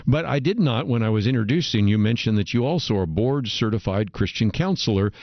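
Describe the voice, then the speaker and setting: A man hosting a radio interview, steering the talk in a measured way and citing passages. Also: mid-range voice, animated, no echo, dull audio. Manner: measured, guiding, quotes from a book. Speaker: radio talk show host.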